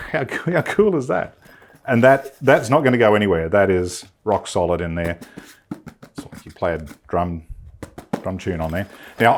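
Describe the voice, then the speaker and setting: A man giving a casual, chatty sewing demonstration in a studio, enthusiastic and thinking aloud with fillers. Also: fairly low pitch. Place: film studio.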